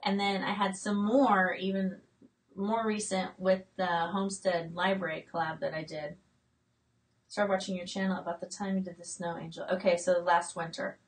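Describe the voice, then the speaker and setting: A woman in her late forties, chatting casually on a live stream and reading out viewer comments as they come in. She talks in a fairly low register, with frequent fillers and restarts. Her voice sits a little away from the mic. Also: little pitch movement, normal speed, distant mic, low-quality recording. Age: late 40s. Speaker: homestead channel host.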